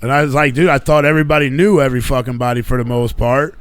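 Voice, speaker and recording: A man hosting a live radio show, telling a story in a casual, profane, animated way and getting heated when he quotes himself. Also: medium pitch, quick pace, dry recording.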